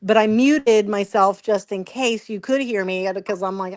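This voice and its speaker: A middle-aged woman co-hosting a casual livestream chat from home, telling animated family stories, acting out voices and laughing as she swears freely. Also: medium pitch, normal speed, dry recording, clean studio sound. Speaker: podcast co-host. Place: upstairs room at home.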